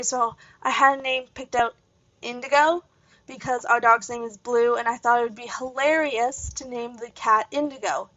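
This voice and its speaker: On a dull lo-fi home mic with a dry sound, a young Canadian gaming host with a highish, slightly bright voice and vocal fry tells a casual, meandering story as she plays, loaded with fillers and side asides.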